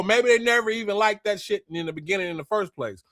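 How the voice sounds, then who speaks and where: A man retelling a scripture story in a casual, profane and animated way, acting out the people in it. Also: sits high, fast talker, no room sound, clean studio sound. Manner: animated, profane, slangy, acts out quotes. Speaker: spiritual commentator.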